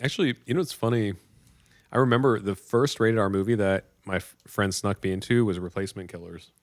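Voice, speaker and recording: A man in his thirties, co-hosting a casual podcast chat, retelling movie scenes with lively acted-out voices. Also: fairly quick, no echo, studio quality. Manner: animated storyteller, acts out movie scenes in loud high voices. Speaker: podcast co-host.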